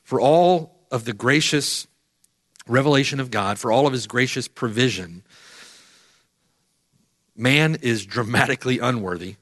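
A man's voice: mid-range voice, fairly bright tone. A middle-aged man preaching a sermon emphatically, repeating phrases for weight. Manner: emphatic, repeats phrases, rises and falls sharply.

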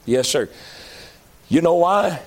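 A man preaching a sermon, moving between loud high-pitched calls and low pleading appeals. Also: lively intonation, slow pace.

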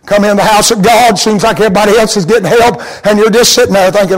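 A pastor preaching a sermon to his congregation, swinging from soft, intimate tones to high, chanted, fervent appeals. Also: fairly even intonation, quick pace, low-quality recording.

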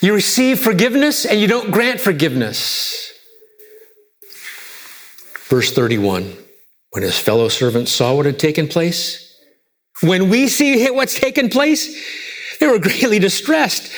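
A man preaching a sermon, emphatic and rhetorical, with repeated questions and wide swings from loud to hushed. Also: high-pitched, lively intonation, measured pace, pauses often. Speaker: pastor.

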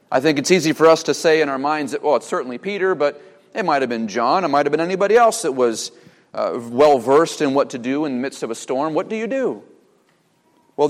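A man's voice: fairly high pitch, big-room sound. A young man preaching a sermon from the pulpit, asking the congregation rhetorical questions. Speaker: pastor. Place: church sanctuary.

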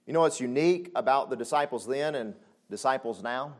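A man preaching a sermon. He talks conversationally with frequent asides and swings between loud exclamations and soft, low passages. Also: fairly quick. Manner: conversational, with frequent "you know what I'm saying" asides. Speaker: pastor.

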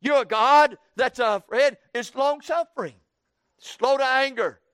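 A man preaching plays a resentful prophet, venting his anger in an indignant, emphatic voice. The tone is high and smooth for a man. The sound is dry and close. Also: unhurried, fairly bright tone, dry recording. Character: bitter, resentful male biblical prophet.

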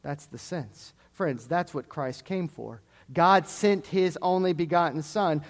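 A man preaching a sermon, with a deliberate, earnest expository delivery. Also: high-pitched. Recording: long hall reverb.

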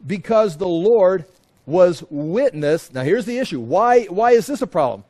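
A man with a somewhat raised pitch walks through a Bible passage verse by verse. He talks in a loose, conversational way, stumbling over and repeating words. He slips into different voices when he quotes people. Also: expressive, a little slow, dark tone. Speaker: Bible teacher.

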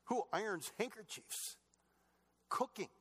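A middle-aged man preaching a sermon, telling family stories earnestly, moving between loud emphatic lines and soft, low asides. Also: expressive, slow, husky. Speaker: pastor.

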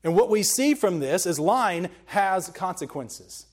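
Guy pastor w a high voice, reads the bible then preaches, emphatic and earnest. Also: expressive, a little slow. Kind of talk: sermon.

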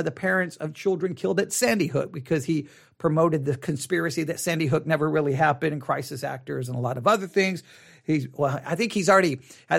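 A man's voice: high-pitched, creaky, fairly bright tone. A middle-aged man from West Texas, rambling conversationally on a podcast with wry asides. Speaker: podcast host. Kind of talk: casual monologue podcast.

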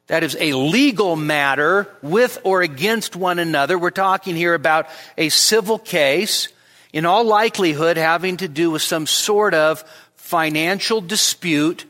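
A man's voice: fairly high pitch, a little slow, pushed and bright, big-room sound. A male pastor giving an expository midweek sermon, teaching with emphasis and often restarting his words. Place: church hall.

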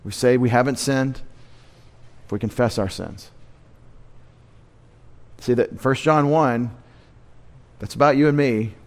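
A male pastor working through a text line by line in a sermon, with a mid-range voice. He keeps posing questions to his listeners and then answering them, and he stresses key words with deliberate repetition. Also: mid-range voice. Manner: teaching through rhetorical questions and repeated emphasis. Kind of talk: expository sermon. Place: church sanctuary.

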